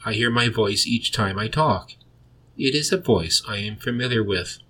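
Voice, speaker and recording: A man with a deep voice hosts a solo podcast. He reads his script in a plain, measured way. The tone is bright and a little husky. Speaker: podcast host.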